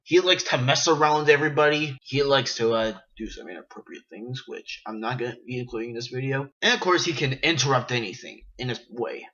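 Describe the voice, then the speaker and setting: A man rambling excitedly while reviewing video games in a casual vlog, in a dull, lo-fi recording. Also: mid-range voice, a little fast, few pauses. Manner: rambling, excitable, frequent restarts.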